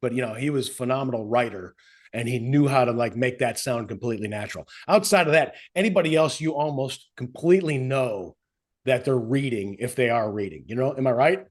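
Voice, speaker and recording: Animated middle-aged male co-host. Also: medium pitch. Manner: animated storyteller, quick to slip into voices. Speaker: podcast co-host, former radio host. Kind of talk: casual chat.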